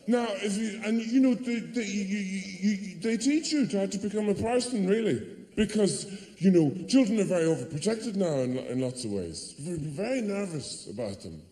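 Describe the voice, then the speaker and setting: A man's voice: high-pitched, expressive, moderate pace, mellow. A man doing a stand-up comedy routine on stage, rambling and digressive with lots of hesitant fillers. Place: theatre stage before a live audience. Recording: roomy hall reverb, faint audience ambience.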